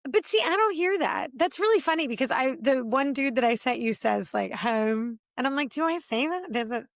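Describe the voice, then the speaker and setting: A woman with a Philadelphia accent, co-hosting a casual chat and telling animated stories in which she acts out the quotes. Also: high-pitched, brisk, gravelly, no echo. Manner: animated storyteller, acts out quotes, laughs often. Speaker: co-host. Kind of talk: casual chat over drinks.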